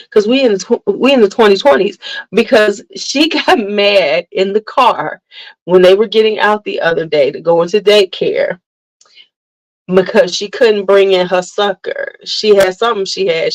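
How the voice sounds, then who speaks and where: A woman hosting a casual livestream, telling animated family stories, laughing often and greeting viewers by name. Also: medium pitch, rough recording. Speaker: livestream host chatting with viewers. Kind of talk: casual chat.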